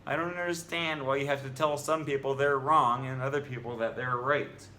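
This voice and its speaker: Reading an article aloud for his language vlog, a man argues against it in an exasperated, contentious way. His mid-range voice is steady and sharp at a moderate pace, and the recording carries roomy echo and faint ambient noise.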